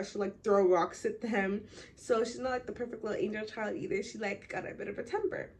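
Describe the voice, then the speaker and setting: A young woman casually summarizing a classic novel, full of "like" and "um", slipping into quick voices for the townsfolk. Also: mid-range voice. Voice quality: chatty, filler-heavy, lots of "like". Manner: acts out townsfolk in quick quoted bits. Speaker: book summarizer.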